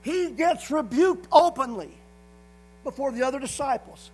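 A man's voice: extremely high pitch, animated, measured pace, a little mellow, rough recording. A man preaching a sermon, hammering points through repetition and punctuating them with frequent calls of "amen". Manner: repetitive emphatic phrasing, frequent "amen" call-outs.

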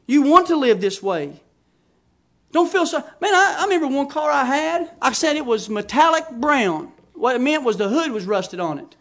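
Man, very high voice, folksy emphatic preacher, middle-aged. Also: animated, moderate pace, creaky. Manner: folksy, emphatic, rising to shouting fervor. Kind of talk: sermon.

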